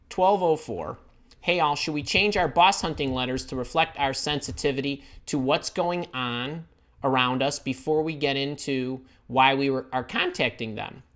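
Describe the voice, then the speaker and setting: A middle-aged man hosting a live career advice stream from home, talking in an excitable, scattered way as he reads the chat. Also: on the high side. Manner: energetic, excitable, scattered while reading chat. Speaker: host.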